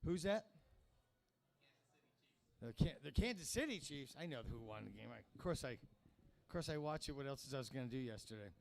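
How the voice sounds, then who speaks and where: A man's voice: medium pitch, animated, moderate pace, gravelly, pauses often. A man in his fifties hosting a comedy show, talking to the crowd in a rambling, profane, conversational stand-up manner. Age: 50s. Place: comedy club stage.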